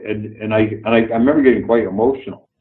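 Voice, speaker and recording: An older man with a fairly low voice tells stories bluntly, swearing freely and chuckling as he goes. His voice sounds roomy and echoey. It comes through a thin, phone-like line. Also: fairly even intonation, quick pace. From Canada, Toronto. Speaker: interview guest, actor. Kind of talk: storytelling anecdotes in a remote interview. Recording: echoey room over a tinny phone-like line.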